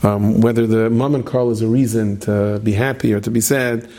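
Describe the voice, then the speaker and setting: A man's voice: fairly low pitch, fairly even intonation, moderate pace, dark tone. A man giving a religious talk as a storyteller, repeating words as he goes and dropping humorous asides. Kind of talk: storytelling sermon. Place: stage with plexiglass screen.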